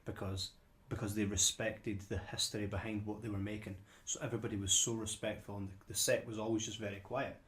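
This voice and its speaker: Podcast co-host, man, lowish voice, casual conversational delivery, restarts sentences. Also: level tone, fast talker, hardly any pauses, fairly bright tone. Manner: conversational, repeats words when starting sentences. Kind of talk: casual chat.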